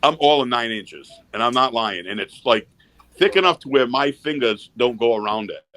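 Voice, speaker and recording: A man's voice: medium pitch, lively intonation, normal speed, a bit bright. A man telling rambling, profane stories in a casual backstage chat.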